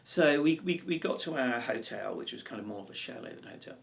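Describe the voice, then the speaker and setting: Brief: male ukulele teacher, gravelly voice, rambling and encouraging, recorded a little off-mic. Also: medium pitch, lively intonation, quick pace, far from the mic. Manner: chatty, encouraging, with many ums and restarts. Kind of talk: casual video lesson and anecdote.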